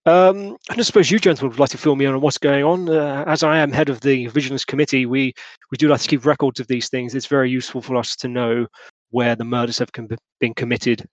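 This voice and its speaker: A man doing a fussy, pompous Victorian gentleman. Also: mid-range voice, steady tone, fast talker, dry recording, lightly acted, low-quality recording. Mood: eager. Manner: fussy, stammering, overly polite. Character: pompous Victorian gentleman committee head, eager.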